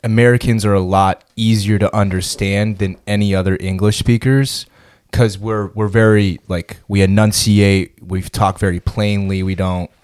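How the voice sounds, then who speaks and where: A young man with a lowish voice talks earnestly in casual podcast chat. He fills his speech with "like". The sound is dry and close to the mic. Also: fairly even intonation, moderate pace, darkish tone, smooth, no room sound. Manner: explains earnestly, lots of filler likes. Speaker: podcast co-host.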